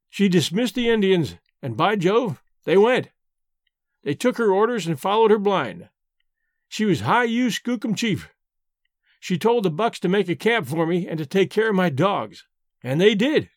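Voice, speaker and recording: A man narrating a story for an audiobook in a measured, deliberate way. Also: sits high, big pitch swings, no echo, studio quality.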